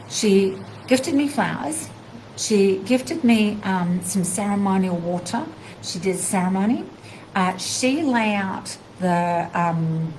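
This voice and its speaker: Aussie woman teacher chatting live, mid pitch, heartfelt storytelling, a little background hiss. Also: poor audio. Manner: animated, heartfelt, acts out dialogue. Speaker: spiritual teacher. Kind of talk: live video talk, storytelling.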